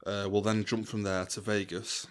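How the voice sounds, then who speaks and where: A man's voice: lowish voice, little pitch movement, normal speed. A young man co-hosting a podcast, chatting casually, laughing often and acting out scenes he describes. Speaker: podcast co-host. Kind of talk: casual chat.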